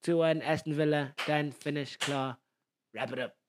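A man's voice: on the high side, fairly even intonation, moderate pace, slight background noise. A man co-hosting a casual podcast chat, ranting playfully and teasing his co-host with lots of laughter. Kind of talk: casual chat about fantasy football.

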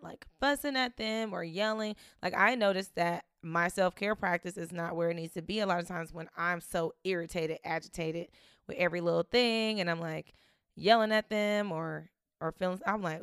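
A woman talks in a relaxed, chatty way, often laughing and acting out what she says to her kids. Her voice is smooth and a little low. The recording is close and dry. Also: dry recording. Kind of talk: casual motivational talk.

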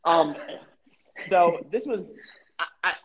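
A man's voice: on the high side, animated, slow pace, a bit bright. A young man hosting a casual sports podcast, rambling through jokey theories and swearing freely. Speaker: podcast host. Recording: muffled lo-fi podcast audio.

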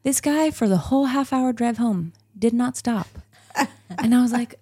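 A woman's voice: a little high, moderate pace, warm tone, slightly rough, no echo, clean studio sound. A woman in her thirties, a podcast guest, chatting casually and telling a story with frequent laughs. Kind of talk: casual interview chat.

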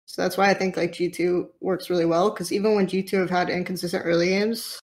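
A woman analyst in a casual panel discussion, talking through game strategy quickly with frequent restarts. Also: fairly low pitch, flat delivery. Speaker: esports analyst.

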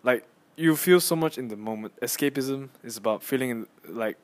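A young man hosting a casual solo podcast on his phone, rambling and excitable as he tells a story with lots of fillers and restarts. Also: medium pitch, moderate pace. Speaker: podcast host.

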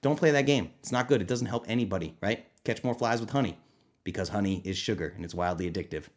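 A man hosting his own podcast as a nutrition coach, talking casually and animatedly, often jumping into high, excited mock voices. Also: quick pace. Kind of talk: casual solo podcast talk.

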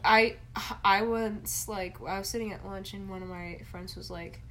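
A woman's voice: mid-range voice, steady tone, normal speed, a bit bright, slight background noise. A young woman in casual chat, blunt and crude, swearing often and filling her talk with "like" while she quotes people in mock voices.

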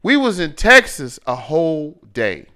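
An animated man in his forties shares stories on a casual podcast. His fairly high voice jumps all over the place, and he swings from loud bursts to quiet asides. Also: measured pace, clear, resonant tone. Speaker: podcast co-host. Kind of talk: casual chat.

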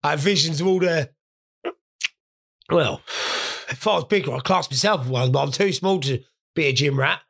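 Young man, solo host, gravelly and bright, jokey and sweary. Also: fairly high pitch, moderate pace, long pauses. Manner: rambling, sweary, jokey storytelling. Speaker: podcast host. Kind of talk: casual solo monologue.

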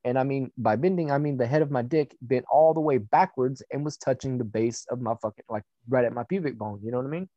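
A young man telling a personal story in a casual, blunt way, swearing freely and filling pauses with "you know". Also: medium pitch, dark tone, dry recording, dull audio. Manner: candid and profane, with frequent fillers.

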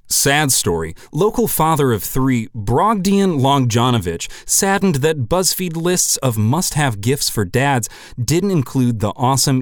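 A man hosts a comedy podcast in a deadpan, scripted monologue that keeps swerving into loud, mock-outraged shouting. His voice is smooth and resonant, recorded on a close mic with a completely dry sound. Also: medium pitch, no room sound. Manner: deadpan, swings into loud mock-indignant bursts.

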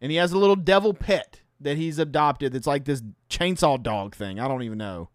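A man co-hosting a podcast, chatting casually and telling stories in an animated, exaggerated way. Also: fairly high pitch, a little fast, no room sound, studio quality. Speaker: podcast co-host. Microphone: podcast mic.

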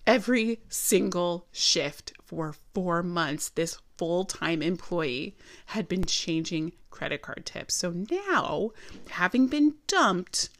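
A woman vlogger telling a personal story at home in a chatty, animated way, with emphatic asides. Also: fairly low pitch, slow pace. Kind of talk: casual storytelling. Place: her apartment.

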